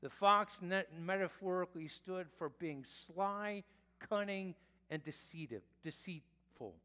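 A male pastor preaching a sermon in a slow, deliberate way, sometimes correcting himself mid-phrase. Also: sits high, bright, forceful tone. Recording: long reverb of a church hall.

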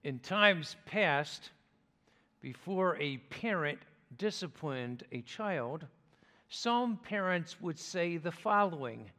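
A man preaching a sermon as pastor, speaking in a slow, measured way with deliberate pauses. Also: fairly high pitch, expressive, pushed and bright. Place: church sanctuary. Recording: long reverb of a church hall.

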